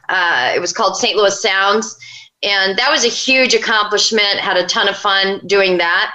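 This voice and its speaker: A woman's voice: mid-range voice, pushed and bright, echoey room, rough recording. A woman inventor as a guest, chatting casually and rambling with many fillers. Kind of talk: casual interview talk.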